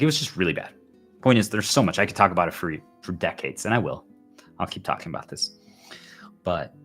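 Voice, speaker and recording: Guy ranting on his stream, kinda low voice but tense and sharp, faint guitar behind. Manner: intense, repetitive, heavy use of "like". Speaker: livestreamer. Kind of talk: rambling personal monologue.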